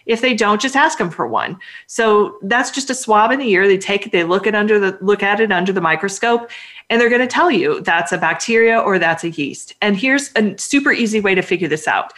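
A woman's voice: mid-range voice, fairly quick, a bit bright. A woman veterinarian chats casually on a podcast. She talks at length and with firm emphasis, pressing advice on pet owners in a mid-range voice. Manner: talkative, emphatic, advice-giving.

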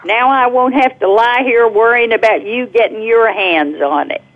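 A woman's voice: on the high side, normal speed, close to an everyday voice. A woman voicing her frail elderly mother, who answers with dry, stubborn, matter-of-fact comebacks. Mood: wry. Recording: tinny phone line.

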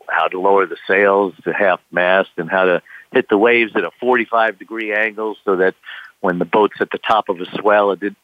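Over a tinny, dry phone line, an older man with a low voice tells a long personal story in casual fashion. He rambles, leans on "you know" again and again, and acts out the voices of the people he quotes.

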